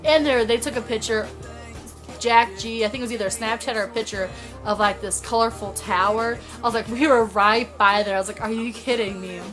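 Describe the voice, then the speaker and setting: A woman from Indiana telling a story in a casual vlog, excited and rambling, filling her talk with "like". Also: on the high side, a little fast, faint music behind. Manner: excited, rambling, heavy use of "like". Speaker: vlogger.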